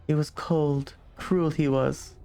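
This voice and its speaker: A man's voice: on the high side, fairly even intonation, takes it slowly, soft background music, voice pushed up. A man voicing an anxious middle-aged woman who speaks hesitantly in an old-fashioned dialect. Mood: worried. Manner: hushed, hesitant, rough old-world dialect.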